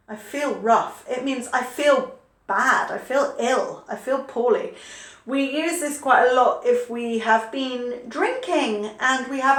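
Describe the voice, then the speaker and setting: A high-voiced woman teaches spelling to learners, taking her time and spelling words out letter by letter. She is heard in an echoey room. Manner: patient, explains slowly, spells words out letter by letter. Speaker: English teacher. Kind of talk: online English spelling lesson.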